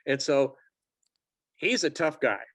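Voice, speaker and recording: A man's voice: on the high side, takes it slowly, dry recording. A man in his sixties, a sports officials assignor, telling stories as a guest in a casual interview and acting out quotes in a raised voice. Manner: lively storyteller who acts out quotes in a raised voice.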